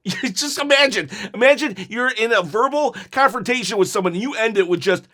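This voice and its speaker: Bright, high-voiced man laughing as he talks. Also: moderate pace. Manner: giggly, animated, laughs through his words. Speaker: YouTuber reacting to wrestling clips. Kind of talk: casual reaction commentary.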